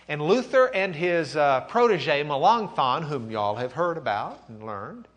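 A man teaching an animated classroom lecture in a conversational, lively way, acting out quotes. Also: a little high.

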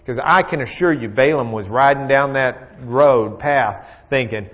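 A man's voice: mid-range voice, a little slow, hardly any pauses, fairly bright tone. A man teaching a Bible lesson in a folksy, joking storytelling way, with plenty of fillers.

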